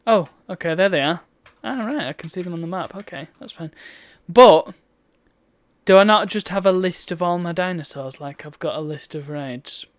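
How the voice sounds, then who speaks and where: A woman's voice: lowish voice, moderate pace. A woman chatting through a live game stream, with exasperated outbursts at the game. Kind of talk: live gameplay commentary.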